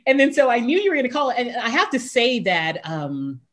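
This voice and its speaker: A woman hosting an interview, excitably telling a story and acting out her own reactions with frequent laughs. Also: a little high, a little fast. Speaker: talk show host, voiceover artist. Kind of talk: casual interview chat.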